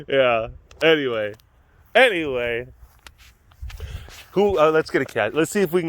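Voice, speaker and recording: A man chats casually as host of an animal facility vlog. His voice sits fairly high and swings widely, and he laughs often and restarts his sentences as he goes. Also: animated, measured pace, long pauses, a bit bright.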